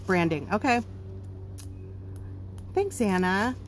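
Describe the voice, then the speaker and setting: A woman's voice: mid-range voice, sing-song, takes it slowly, slight background noise. Blunt, chatty woman live-stream host. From not from Pennsylvania. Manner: blunt, chatty, frequent ums. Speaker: home baking business host. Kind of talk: live-stream chat answering viewer comments.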